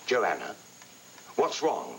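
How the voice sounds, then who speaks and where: An actor playing a wealthy lord who gently reassures his daughter in a soap opera, slow and calming. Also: sits low, a little hiss or hum, full character voice. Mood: soothing. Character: aristocratic father, protective and soothing. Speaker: wealthy English lord and doting father. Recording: distant mic with music under it.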